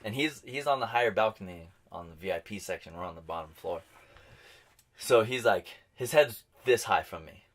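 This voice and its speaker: A podcast co-host from New Mexico, US, tells a bar fight story in casual chat, animated and swearing as he acts out what people said. He has a lowish voice and a moderate pace.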